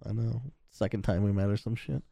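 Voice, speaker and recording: A woman's voice: rumbling low, level tone, brisk, vocal fry, background noise. A woman co-hosting a podcast in casual chat, with dry, sarcastic and profane humor. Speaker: podcast co-host.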